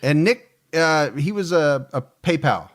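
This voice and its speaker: A man's voice: a little high, animated, a little slow. A man co-hosting a true crime podcast in easygoing casual chat. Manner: easygoing, laughs often. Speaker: podcast co-host.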